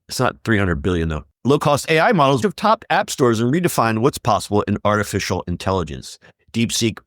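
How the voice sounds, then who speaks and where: A man hosting a podcast, chatting casually and reading news items with lively emphasis. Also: medium pitch, dry recording, clean studio sound. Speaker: podcast host.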